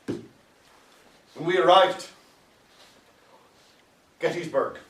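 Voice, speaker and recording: An actor playing a proud Civil War captain in a theatrical stage monologue, telling war stories and breaking into shouted quotes. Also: male voice, on the high side, very slow. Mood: proud, wistful. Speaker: actor in a one-man stage play. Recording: roomy, distant stage recording.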